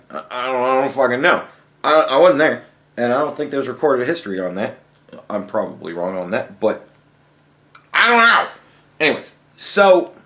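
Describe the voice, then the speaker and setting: A man's voice: fairly high pitch, fairly bright tone. Rambling, profane male podcaster. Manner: rambling, heavily profane, laughing asides. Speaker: podcast host. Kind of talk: casual solo podcast monologue.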